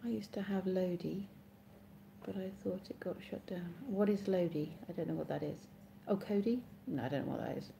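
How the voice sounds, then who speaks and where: With a fairly low, dark voice touched by vocal fry, a woman from Oxfordshire, England, speaks at a moderate pace in an English accent. She chats casually on a live stream, reading viewer comments aloud and rambling and self-correcting as she answers, over slight background noise.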